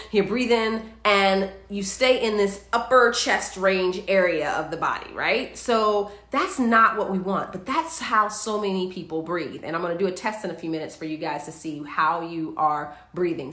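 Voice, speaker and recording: An upbeat, chatty woman hosts a live wellness stream and coaches her viewers step by step through simple exercises. Her voice sits at a middling pitch. The sound carries a noticeable room echo. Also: a bit bright. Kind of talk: live-streamed instructional talk.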